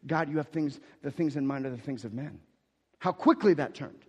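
Man, pastor, sermon, slightly high voice, loud-to-hushed swings, long hall echo. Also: moderate pace, breathy edge. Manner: animated storytelling with sudden swings from loud to hushed.

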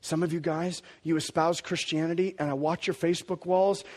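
Guy preaching, high voice, super passionate, goes from quiet to loud and back. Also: steady tone, a little fast. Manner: impassioned and conversational, swinging between hushed and loud. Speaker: pastor. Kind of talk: sermon.

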